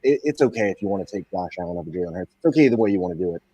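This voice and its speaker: A man's voice: deep voice, lively intonation, very fast, dark tone, husky. A man co-hosting a podcast, making dry asides and reasoning through stats in casual chat. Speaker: podcast co-host.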